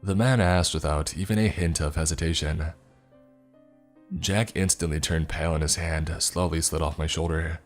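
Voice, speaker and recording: A man with a very deep voice reads a scary story in a steady, measured delivery. Faint music plays softly beneath his narration. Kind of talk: scripted horror story narration.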